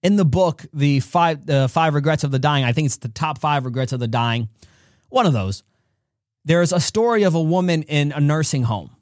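A man gives a faith-based motivational talk on his podcast, earnest and direct, and he tells stories as he goes. His voice sits fairly high for a man. It is recorded close on the mic, dry and without room echo. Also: normal speed, a little mellow. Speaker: podcast host.

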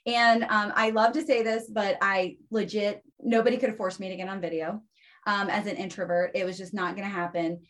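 A woman guest on a casual podcast interview tells stories animatedly, frequently ending her points with "right?". Her voice is medium-pitched and a little fast.

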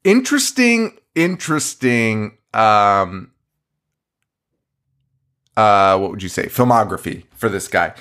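Animated, swearing podcast host man. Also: lowish voice, takes it slowly, long pauses, clear, resonant tone. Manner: animated, swears often, laughs a lot. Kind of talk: casual chat.

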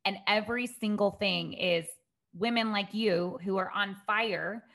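A woman's voice: mid-range voice, measured pace, fairly bright tone. Woman host, affirming and open, emotional, conversational interview. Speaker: podcast host. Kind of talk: casual interview chat.

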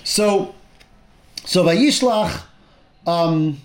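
Guy with a pretty high voice teaching torah class, tells the story all animated, drops hebrew words. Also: extremely slow. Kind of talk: retelling a Bible text in a class.

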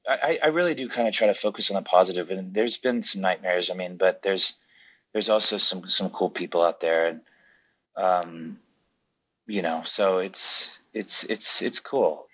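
A man's voice: low voice, unhurried, a bit bright, slightly rough, muffled recording. A man who works as an assistant director, telling stories eagerly and animatedly as a guest in a casual interview.

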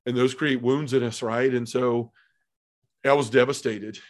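A middle-aged man, a podcast guest, tells his own story with earnest, heartfelt feeling, peppering it with "you know" and "man." His mid-range voice has a darkish tone, fairly even intonation, and a measured pace.

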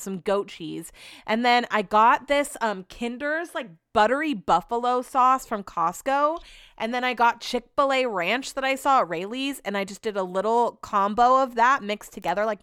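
A woman's voice: on the high side, fairly bright tone, clear, resonant tone, no echo, clean studio sound. A woman hosting her own podcast, rambling casually and swearing freely as she chats about her week. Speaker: podcast host. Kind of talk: casual solo podcast chat.

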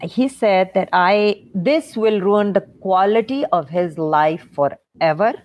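A middle-aged woman, an interview guest, telling a painful personal story in a halting way with many fillers and restarts. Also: medium pitch, no echo, lo-fi sound. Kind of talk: emotional personal story in conversation.

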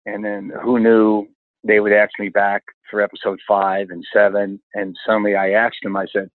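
Older guy telling excited stunt stories, kinda low voice, sounds like a phone line. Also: moderate pace, dry recording. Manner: animated anecdotes, exclaims often. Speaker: stunt coordinator guest. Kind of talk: storytelling interview chat. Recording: dry, tinny phone-like line.

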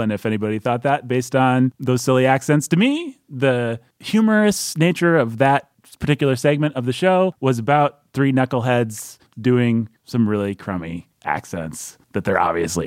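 A man's voice: mid-range voice, no room sound, studio quality. A man hosting a book podcast, chatting casually in a playful, joking way. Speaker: podcast host. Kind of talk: casual chat.

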